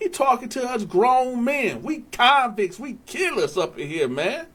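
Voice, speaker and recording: Man storyteller, slow unhurried delivery, animated and profane, chats to viewers. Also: very high-pitched, breathy edge. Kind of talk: casual storytelling.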